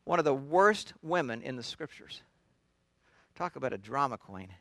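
A man's voice: mid-range voice, animated, moderate pace, fairly bright tone, dry recording. A man preaching a sermon, retelling scripture in a conversational storytelling way with frequent restarts. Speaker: pastor.

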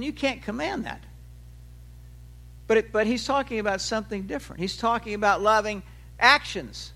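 A man in his sixties delivers a sermon in a high, ringing voice. He talks with animation, lifting his pitch for quoted lines and letting his phrases trail off low and quiet. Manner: animated preaching, voice rising for acted quotes and dropping low at phrase ends. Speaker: pastor.

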